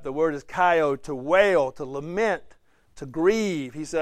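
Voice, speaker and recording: A man leads a Bible study in a chatty, questioning way, acting out the lines he reads. His voice sits a little high and sounds dry and close, with no room around it. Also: normal speed, no room sound. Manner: conversational, asks the class questions, acts out quotes. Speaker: Bible teacher. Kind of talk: interactive Bible study teaching.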